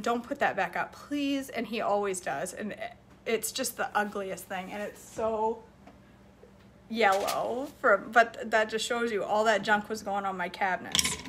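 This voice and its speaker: A chatty woman with a slightly high voice talks casually through a home-kitchen cooking stream. She laughs easily and reads viewers' comments aloud as she goes. A faint hiss of noise sits under the recording. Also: fairly bright tone. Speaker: cooking vlog host. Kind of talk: casual live cooking chat.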